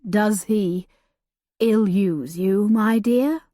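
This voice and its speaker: A woman reading a gentle, earnest old earl. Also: mid-range voice, no room sound, studio quality. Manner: soft, slow and solicitous. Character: grieving older male earl, gentle and earnest.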